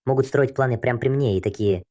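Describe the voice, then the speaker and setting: A man's voice: medium pitch, fast talker, dark tone, no room sound. A man venting in a hurt, resentful confessional monologue.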